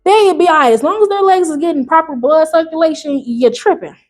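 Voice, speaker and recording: A woman hosting a video, reading online stories aloud and reacting in animated, slangy, casual talk, jumping between loud high bursts and low mutters. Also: a little fast, faint music behind. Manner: animated, slangy, talks back to the story. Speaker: YouTube host.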